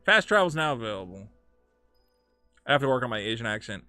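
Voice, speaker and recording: A man's voice: medium pitch, sing-song, a little fast, bright, forceful tone, no room sound, soft background music. A man giving casual, rambling gameplay commentary, crude and joking, swearing freely. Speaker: gaming streamer.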